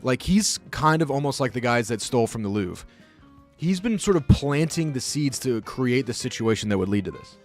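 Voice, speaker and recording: A man telling a casual story on his live stream, animated, profane and rambling. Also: medium pitch, moderate pace, soft background music.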